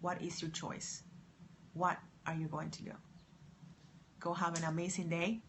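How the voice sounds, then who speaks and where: A woman talking to camera in a faith-based pep talk. She moves between hushed, soft lines and loud, excited encouragement. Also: on the low side, unhurried, a little hiss or hum. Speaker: motivational vlogger.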